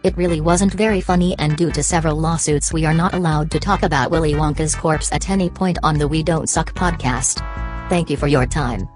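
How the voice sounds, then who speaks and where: A man's voice: on the high side, steady tone, fairly quick, soft background music, voice pushed up, close to an everyday voice. A man voicing a prim female announcer who breaks into the podcast in a polite, formal delivery.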